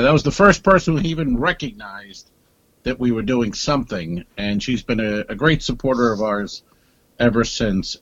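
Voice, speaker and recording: A man's voice: mid-range voice, no room sound, lo-fi sound. A man co-hosting a comedy podcast in casual chat, rambling and hesitant, acting out little exchanges. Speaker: podcast co-host.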